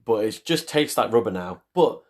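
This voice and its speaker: A man with a very low voice co-hosts a casual podcast. He rambles and mocks himself, often restarting his sentences as he thinks aloud. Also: normal speed. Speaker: podcast co-host. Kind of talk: casual chat.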